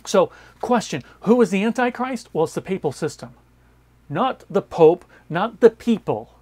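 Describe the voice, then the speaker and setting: A man's voice: sits high, expressive, moderate pace. Emphatic man preaching a Bible sermon. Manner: emphatic, repeats key phrases, swings between loud stresses and quiet asides. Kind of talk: sermon-style Bible teaching.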